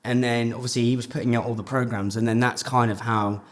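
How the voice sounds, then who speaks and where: A man's voice: medium pitch, flat delivery, quick pace, slight background noise. A man hosting a podcast in casual chat, rambling, swearing, and saying "yeah" a lot. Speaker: podcast host.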